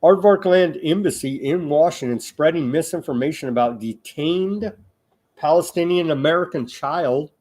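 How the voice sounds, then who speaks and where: A man hosting an online news show, reading reports aloud with halting asides, now and then rising into loud appeals to his listeners. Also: fairly high pitch. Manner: slow, halting delivery with asides and restarts; grows loud and emphatic when addressing listeners.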